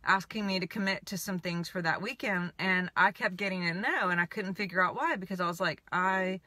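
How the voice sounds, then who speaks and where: Bright-voiced woman telling a story. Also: on the low side, brisk, no echo. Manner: rambling, animated retelling with many "I'm like" asides. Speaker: spiritual coach. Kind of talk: casual storytelling monologue.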